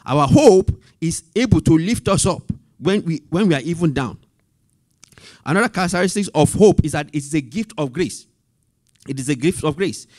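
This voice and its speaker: A man teaching a Bible study, reading scripture slowly and repeating references and key phrases, asking the group for amen. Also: on the high side, dry recording, clean studio sound.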